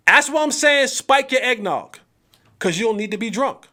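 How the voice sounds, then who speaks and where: A man hosting a sports talk show, with a voice that sits well above the usual male range. He speaks casually and full of slang, addressing viewers directly. His delivery is emphatic and animated, and he stretches out his exclamations. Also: very high-pitched, moderate pace. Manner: slangy, talks straight to viewers.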